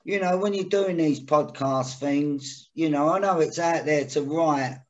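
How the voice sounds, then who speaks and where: A man's voice: a little high, unhurried, lo-fi sound. A man hosting a casual podcast interview, rambling and hesitant with lots of fillers. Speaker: podcast host.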